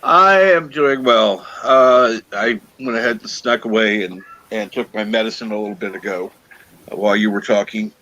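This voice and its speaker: A man's voice: fairly low pitch, normal speed, bright, forceful tone, lo-fi sound. A man co-hosting a live morning talk stream, rambling casually with lots of fillers. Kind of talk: casual chat.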